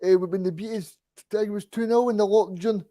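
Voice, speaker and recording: A man's voice: high voice, steady tone, fairly quick, dark tone, no room sound, studio quality. A Scottish man in his twenties, a quiz guest who stumbles and hesitates over his answers. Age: 20s. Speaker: guest supporter. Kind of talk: casual quiz chat.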